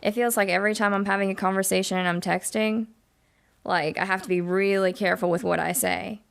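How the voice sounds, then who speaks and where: A woman co-hosts a casual podcast and tells her stories in a wry, matter-of-fact way. Her voice sits at a middling pitch with a vocal-fry crackle running through it. She chats loosely with her partner and does not perform. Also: fairly even intonation, a little fast. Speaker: podcast co-host. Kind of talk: casual chat.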